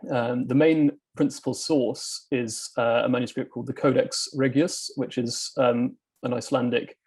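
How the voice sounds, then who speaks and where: A man's voice: mid-range voice, fairly even intonation, moderate pace, darkish tone, husky. A man giving an academic talk to a reading group, hesitant and full of ums and uhs. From England. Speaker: academic presenter.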